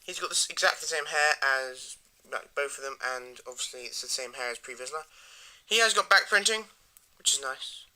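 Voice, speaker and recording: A man giving a rambling, enthusiastic casual toy review that often trails off into quiet mumbles. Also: mid-range voice, normal speed.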